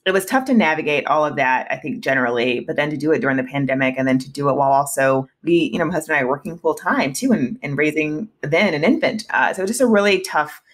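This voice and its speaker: A woman's voice: low-pitched, fast talker, few pauses. A woman in her thirties talking candidly as a podcast guest, emotional at times, with frequent restarts and laughs. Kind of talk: casual interview conversation.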